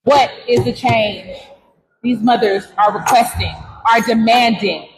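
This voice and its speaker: An organizer giving a forceful advocacy speech and asking pointed questions. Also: medium pitch, a little slow, gravelly. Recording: distant voice with long reverb.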